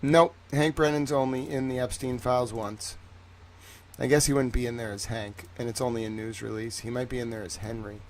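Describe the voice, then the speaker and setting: A man's voice: mid-range voice, fairly even intonation, fairly quick, slight background noise. A man giving rambling, reactive commentary on a livestream, swearing freely.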